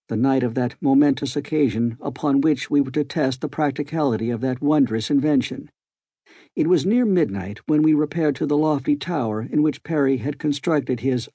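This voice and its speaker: Man reading an audiobook, calm measured storytelling, kinda husky and soft-toned. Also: mid-range voice, no room sound. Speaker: audiobook narrator. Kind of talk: scripted narration.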